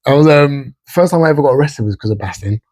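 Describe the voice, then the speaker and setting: A man's voice: medium pitch, lively intonation, fast, darkish tone. A man hosting a podcast, asking questions and telling stories in a frank, casual way, with free swearing. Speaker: podcast host.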